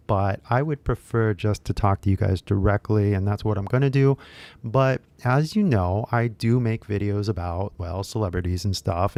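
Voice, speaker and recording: A man's voice: lowish voice, warm tone, dry recording. A man with a Californian accent, an accent teacher talking casually to camera in a rambling, chatty way with many fillers. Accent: Californian English.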